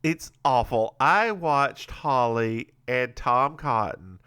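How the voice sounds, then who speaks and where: A man's voice: mid-range voice, takes it slowly, bright, forceful tone, clear, resonant tone, dry recording, studio quality. A man co-hosting a podcast, recapping a TV episode in casual, playful chat, often stumbling and repeating himself. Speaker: podcast co-host.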